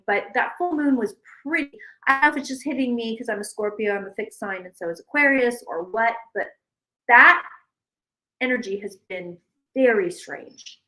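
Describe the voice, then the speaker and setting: A woman hosting a casual livestream, telling a rambling, animated story full of restarts. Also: fairly high pitch, poor audio. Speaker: psychic livestream host. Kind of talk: casual chat.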